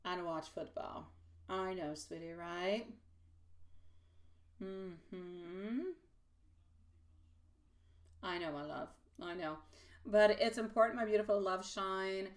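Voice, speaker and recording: Chatty woman reading tarot, off-mic. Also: medium pitch. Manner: chatty and affectionate, calls viewers pet names; laughs often, quick asides. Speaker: tarot reader hosting a live stream. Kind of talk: live-stream tarot reading, chatting with viewers. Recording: voice a bit distant from the mic.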